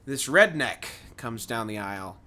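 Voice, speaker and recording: A man's voice: mid-range voice, unhurried. A young man co-hosting a podcast, telling an anecdote in casual chat and acting out the people he quotes. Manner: animated anecdote teller, acts out quoted people. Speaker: podcast co-host.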